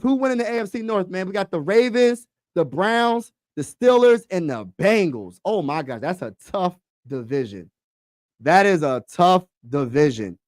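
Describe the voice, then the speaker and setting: A man running a casual sports talk livestream, speaking in an excitable, slangy way and often repeating lines as he talks to his chat. His voice sits a little high, and the recording is dry and close with hardly any room sound. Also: moderate pace, no room sound.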